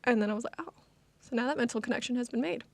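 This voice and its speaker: A young American woman with a slightly high voice talks at a racing pace while co-hosting a casual chat. She's chatty, with lots of fillers and laughter, and the recording has no echo.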